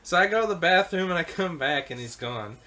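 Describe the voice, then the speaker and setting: A man's voice: a little high, lively intonation, fairly quick, bright, forceful tone. A man casually telling a rambling story, laughing and swearing as he goes. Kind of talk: casual chat while gaming.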